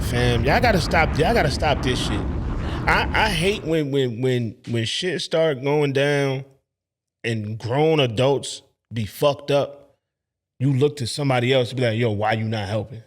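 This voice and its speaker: A young man hosting a reaction video, talking bluntly with heavy profanity and animated storytelling. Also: medium pitch, unhurried, background noise. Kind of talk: casual profane commentary.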